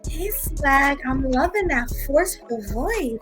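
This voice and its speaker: High-voiced playful woman co-host with a cold. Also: lively intonation, takes it slowly, fairly bright tone, soft background music. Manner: playful, laughing banter. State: has a cold. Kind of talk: casual livestream chat.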